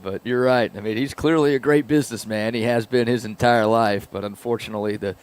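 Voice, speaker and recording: A man's voice: mid-range voice, steady tone, a little fast, clean tone. A man co-hosting a morning sports radio show, leading segments with dry, teasing banter. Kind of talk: casual sports talk. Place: radio studio.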